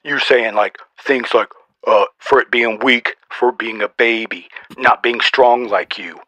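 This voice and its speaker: A man's voice: medium pitch, fairly even intonation, a little slow, bright, forceful tone, no echo. A man putting on a snarky old Santa. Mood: mock-stern. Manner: mock-stern roast, teasing. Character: boastful old male Santa Claus, snarky. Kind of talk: comedy podcast sketch.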